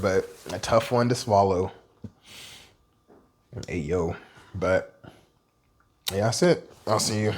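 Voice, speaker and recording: A young adult man vlogging in a candid, rambling, self-deprecating way. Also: lowish voice. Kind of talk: casual personal vlog monologue.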